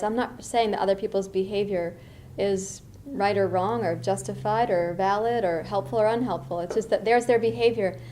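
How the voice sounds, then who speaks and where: Middle-aged woman from the US East Coast, meditation teacher giving a dharma talk; unhurried and reflective, mid-range voice, lively asides. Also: medium pitch, slight background noise.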